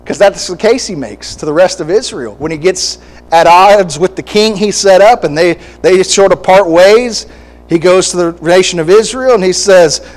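A man preaching a sermon, animated and acting out quoted voices, with short laughs between points. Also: sits high, moderate pace, rough recording.

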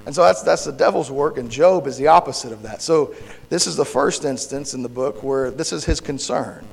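A male pastor with a gravelly, hoarse voice preaches a sermon and prays, halting and restarting as he searches for words. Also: medium pitch. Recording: long hall reverb.

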